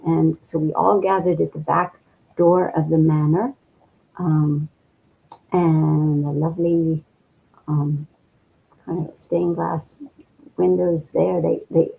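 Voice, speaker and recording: Slow, gravelly older woman reminiscing. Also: low-pitched, level tone, dark tone, poor audio. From midwestern US. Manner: slow and reflective, with many pauses and fillers. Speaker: interview guest. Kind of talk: reminiscing in an interview.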